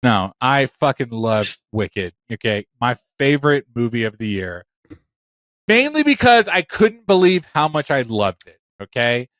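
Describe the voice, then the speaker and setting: A man co-hosting a podcast in casual chat, animated and swearing, quick to play defensive. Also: mid-range voice, no echo. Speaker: podcast co-host.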